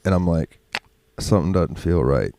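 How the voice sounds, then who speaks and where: A man's voice: deep voice, moderate pace, warm tone, no room sound. A man telling rambling, profane stories as a podcast co-host, laughing often. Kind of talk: casual storytelling chat.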